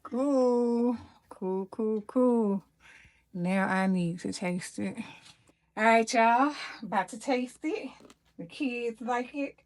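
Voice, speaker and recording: A woman's voice: a little high, takes it slowly, a little mellow. A woman from Mississippi with a Southern accent, chatting casually as a cooking vlog host and laughing often. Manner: chatty, laughs often, addresses viewers as y'all. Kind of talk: casual chat.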